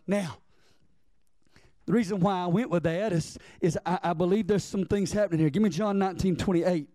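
Preacher guy, high mellow voice, climbs into shouted bits, dry sound. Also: dry recording. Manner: rises to shouted, drawn-out preaching peaks; calls for congregation responses. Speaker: pastor. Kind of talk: sermon. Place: church.

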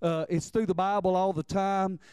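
A man's voice: high-pitched, steady tone, normal speed, darkish tone, clean tone, no room sound. A man of about forty, preaching a sermon earnestly, often restarting his words and building in intensity. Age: 40s. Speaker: pastor.

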